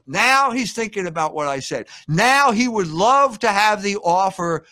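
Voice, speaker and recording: A man's voice: sits high, lively intonation, measured pace, sharp tone, no room sound. An older man giving a critical commentary monologue, scolding and sarcastic as he addresses his subject directly.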